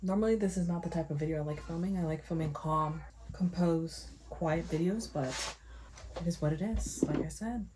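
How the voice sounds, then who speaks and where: A woman's voice: on the low side, normal speed, background noise. A woman vlogging at home as she gets ready, chatting casually and thinking aloud to herself. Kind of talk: casual rambling narration.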